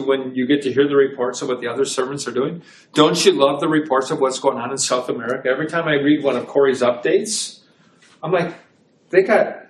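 A man's voice: a little high, a little hiss or hum. A man pastor giving a conversational sermon to a small congregation, asking his listeners rhetorical questions. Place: small church. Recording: echoey room, voice from a distance.

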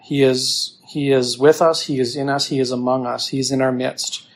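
A pastor preaches a relaxed sermon working through a scripture passage, repeating himself and using fillers as he explains. He speaks at a normal speed in a mid-range voice.

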